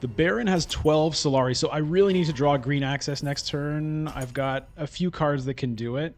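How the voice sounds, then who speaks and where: A man's voice: fairly high pitch, normal speed. Man musing over a board game. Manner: thinking aloud, musing. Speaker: gameplay streamer. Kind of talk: casual gameplay commentary.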